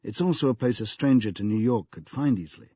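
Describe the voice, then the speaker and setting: A man's voice: medium pitch, animated, fast, dark tone, breathy edge, no room sound, lo-fi sound. A man voicing a nervous, evasive young male tycoon who answers hesitantly and stumbles over his words. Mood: explaining.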